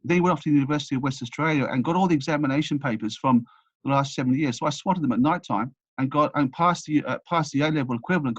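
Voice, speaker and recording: A man's voice: medium pitch, breathy edge, no room sound, dull audio. A man in his sixties from England, telling rambling stories about his life as a podcast guest, full of restarts and repeated words. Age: 60s. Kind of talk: casual storytelling interview.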